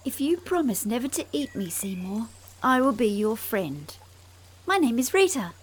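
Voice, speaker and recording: A man voicing a nervous young female rat in a storybook reading, with a soft, high, timid voice. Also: very animated, normal speed, slight background noise. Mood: hopeful. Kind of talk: storybook narration.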